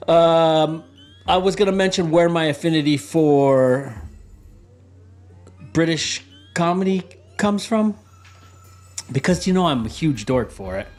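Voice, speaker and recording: A man hosting a casual podcast, talking with eager enthusiasm and rambling through his thoughts. His voice sits a little high. Faint music plays beneath him. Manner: enthusiastic, rambling with fillers and laughs. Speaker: podcast host. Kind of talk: casual podcast intro and chat.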